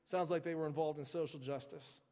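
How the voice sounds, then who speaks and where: A male pastor delivering a sermon in an easy, conversational way, breaking off into chatty asides. His voice sits a bit high. The recording carries the long reverb of a large church sanctuary. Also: steady tone, brisk, mellow.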